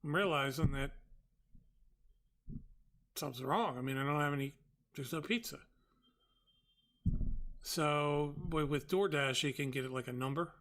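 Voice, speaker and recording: Male host, slightly high, sharp voice; animated, exasperated storyteller. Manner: exasperated, quick retelling with quoted dialogue. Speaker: trading show host.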